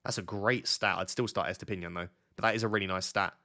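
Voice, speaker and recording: A young man with a slightly low voice chatting casually on a late-night live stream, lying in bed at home. He teases his viewers and keeps up a running, easygoing banter. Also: steady tone, fast, sharp tone. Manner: chatty, teasing, talks to chat. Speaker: fantasy football streamer, host.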